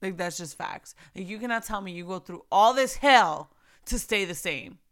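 A woman's voice: medium pitch, lively intonation, moderate pace, a bit bright. A young woman hosting a casual faith podcast, chatty and earnest, repeating phrases and laughing often. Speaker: podcast host.

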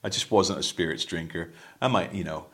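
Guy with a real low voice, musician telling old gig stories, lots of ums. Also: brisk, a bit bright. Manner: rambling anecdotes with many ums. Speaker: musician guest. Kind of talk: casual storytelling chat.

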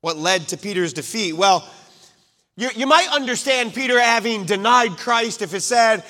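Male preacher with a high, bright voice, recorded in a hall with long reverb, dramatic dynamic swings. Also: lively intonation, normal speed. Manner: dramatic swings from loud to hushed, acting out quotes. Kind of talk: sermon.

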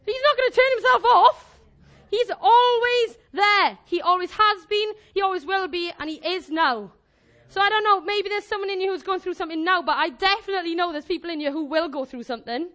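A woman preaches to her congregation in a lively, jokey way, acting out her points with props and volunteers. Her voice sits very high, bright and animated throughout. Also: a little fast. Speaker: church speaker. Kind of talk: informal sermon with live demonstration.

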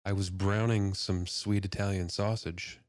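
Deep-voiced laid-back man. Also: little pitch movement, a little slow, no echo, studio quality. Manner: laid-back, laughs easily, swears casually. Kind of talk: casual chat.

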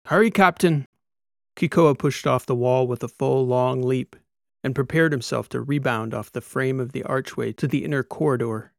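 Gravelly male audiobook narrator. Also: mid-range voice, normal speed, dry recording, studio quality. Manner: steady storytelling. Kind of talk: scripted narration.

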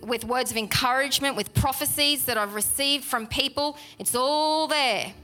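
A woman preaches to her congregation, with a fairly high, bright, ringing voice. She talks in a chatty way and drives points home by repeating them. Soft music plays behind her. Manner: animated, chatty, with laughs and emphatic repetition. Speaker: pastor. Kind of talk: sermon. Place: church hall.

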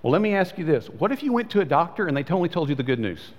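A pastor preaching a sermon in a conversational way, his voice swinging between high and low. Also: very animated, rapid-fire, few pauses, muffled recording. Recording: long hall reverb.

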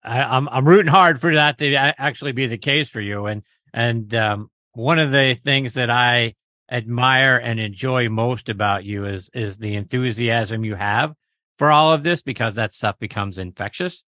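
A man hosting an interview, asking questions in a halting way and repeating words as he goes. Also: medium pitch, pushed and bright, no room sound, studio quality. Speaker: podcast host. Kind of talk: podcast interview.

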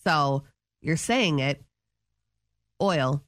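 A woman co-hosting a radio show, bantering playfully with quick, exasperated comebacks. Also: mid-range voice, big pitch swings, fairly bright tone, no room sound, clean studio sound. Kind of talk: casual morning-show banter.

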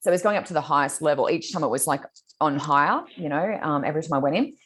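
A woman telling a spooky personal story in casual chat, animated and laughing as she goes. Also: low voice, fast, slightly rough. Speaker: guest, spiritual teacher.

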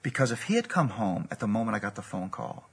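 A man's voice: fairly low pitch, sing-song, fast. A man preaching a sermon, telling a personal story in an earnest, storytelling way. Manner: gravelly, husky, earnest storytelling.

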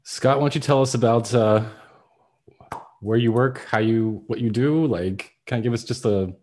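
A man hosting a podcast in relaxed, casual chat. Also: medium pitch, moderate pace, a little hiss or hum. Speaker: podcast host.

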